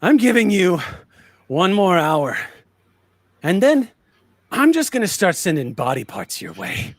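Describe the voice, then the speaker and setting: A man's voice: high-pitched, sing-song, a little slow, dry recording, pitched above the performer's own voice, full character voice. A man voicing a threatening woman hostage-taker speaking over a facility intercom, taunting and making threats. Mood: menacing.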